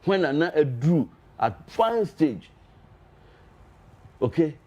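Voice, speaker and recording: A man's voice: fairly high pitch, big pitch swings, slow pace, a little mellow, lo-fi sound. A man with a Ghanaian accent, a party official on a talk show, arguing his case with energy and moving between Twi and English. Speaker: political party official, guest. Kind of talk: political debate talk.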